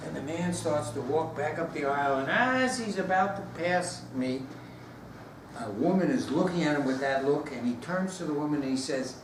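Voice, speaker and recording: A man giving a storytelling speech, animated and acting out the voices of the people in it. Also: fairly high pitch, normal speed. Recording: roomy echo, distant mic, background noise.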